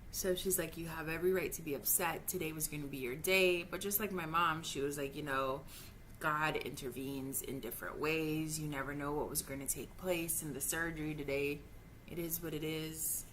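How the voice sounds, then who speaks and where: A Jamaican woman in her thirties vents frankly in a personal vlog, upset and frustrated, heated and swearing freely, and stumbling over her words when upset. Her voice sits low and is a bit bright, at a moderate pace, with slight background noise.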